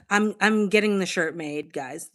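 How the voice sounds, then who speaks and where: A woman's voice: fairly low pitch, slow pace, fairly bright tone. A woman from Boston hosting a casual livestream, chatting candidly and reacting to viewers' comments as she reads them aloud. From Boston, United States. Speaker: livestream host.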